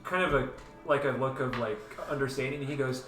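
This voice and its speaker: A man narrating as game master of a tabletop game, talking casually with many fillers and lively asides. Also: medium pitch, a little fast, roomy sound, distant mic, music in the background. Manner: animated, lots of "like" fillers, jumps into character voices.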